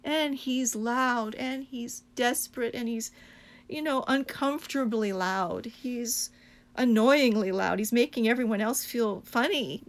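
A woman preaching a sermon with passion, hammering her points home through repetition. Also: fairly high pitch. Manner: impassioned, emphatic repetition.

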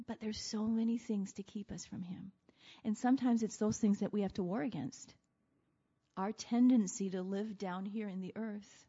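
A woman preaching a sermon in an animated way, laughing often and acting out voices as she talks. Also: medium pitch. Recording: dull lo-fi sound.

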